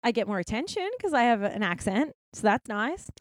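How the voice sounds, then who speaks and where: A woman's voice: on the high side, sing-song, brisk, no room sound, studio quality. A young woman with an Australian accent, a filmmaker chatting casually as an interview guest, full of likes and restarts.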